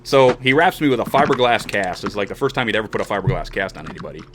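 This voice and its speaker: A man in his forties tells a long story on his podcast with a lively voice that swings up and down in pitch. He acts out each person in the tale. A faint noise sits under his streamed webcam audio. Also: racing. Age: 40s. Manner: animated storyteller who acts out quoted voices. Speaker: show host.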